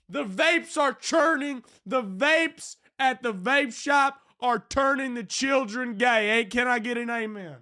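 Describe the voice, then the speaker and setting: A man's voice: very high-pitched, pitched above the performer's own voice, full character voice. A young man voicing a fiery male Southern preacher with a put-on Southern accent, ranting in a comic sermon parody. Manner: shouting, preachy, drawn-out hollering.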